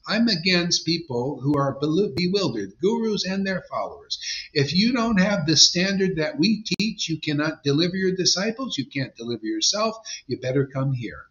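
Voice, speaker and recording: A man's voice: on the high side, sing-song, normal speed, a bit bright. A man, a spiritual teacher, giving an informal devotional sermon in a blunt, emphatic, conversational way. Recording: dull lo-fi sound.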